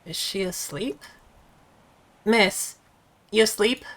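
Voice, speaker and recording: A woman's voice: medium pitch, slow. A woman reading as a groggy young man. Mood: puzzled. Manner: plain, drowsy, mildly grumbling. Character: dim, groggy young man lost on the road. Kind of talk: voiced visual novel reading.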